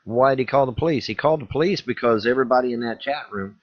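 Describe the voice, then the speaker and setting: A man's voice: mid-range voice, racing. A man giving an indignant, repetitive ranting commentary as a video host. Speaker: YouTube commentator. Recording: dull lo-fi recording.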